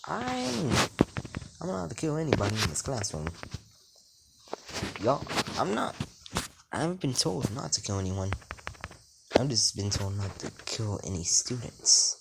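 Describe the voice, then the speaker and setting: A man's voice: mid-range voice, sing-song, measured pace, creaky, long pauses. A young man voicing a cocky teenage boy turned cold killer, talking in a smug, offhand, rambling way over a noisy home mic.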